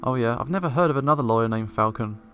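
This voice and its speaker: A man's voice: medium pitch, rapid-fire, fairly bright tone, faint music behind, lightly acted. A man voicing a blunt, cheeky young male sparrow assistant with sarcastic quips.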